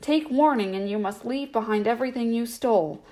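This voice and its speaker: A woman's voice: a little high, expressive, moderate pace, lightly acted. A woman voicing a wise old male owl in a storybook, stern but kindly, speaking in a commanding tone.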